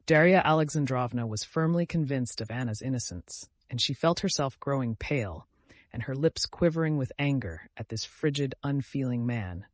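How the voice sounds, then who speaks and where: A male narrator reading a classic novel in an even, measured audiobook style into a close mic. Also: medium pitch, no echo. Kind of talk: scripted narration.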